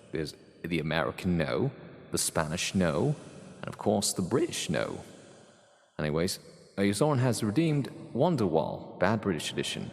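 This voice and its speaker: A male streamer singing pop ballad lines on a live stream, holding out long notes. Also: sits low. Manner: sung, drawn-out notes. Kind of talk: singing along to karaoke tracks on stream. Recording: echoey room over a backing track.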